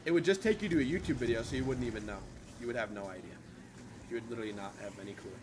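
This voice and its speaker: A man's voice: mid-range voice, rapid-fire, noisy background. A young man streaming live, chatting casually and profanely with his viewers. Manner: profane, animated, talks to chat.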